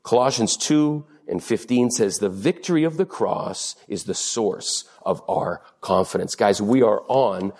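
A middle-aged man preaching a sermon, animated and joking as he acts out bits of dialogue. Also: on the low side, unhurried, few pauses, breathy edge. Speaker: pastor.

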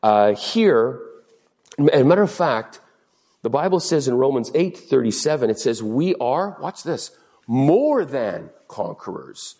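A middle-aged man preaching a sermon, animated and joking as he acts out bits of dialogue. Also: medium pitch, measured pace. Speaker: pastor.

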